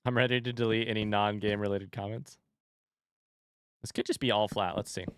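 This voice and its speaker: A man's voice: lowish voice, fairly even intonation, a little fast, smooth, dry recording. A man streaming a building game, thinking aloud, counting under his breath and trading dry sarcastic jokes with his chat. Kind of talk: casual gameplay commentary.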